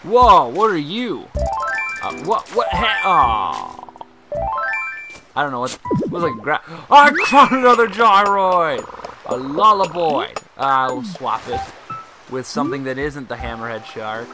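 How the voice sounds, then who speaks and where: Game music backs a young man hosting a let's play, his mid-range voice moving a little slowly with long pauses. He chats and rambles, then bursts out with excited shouts.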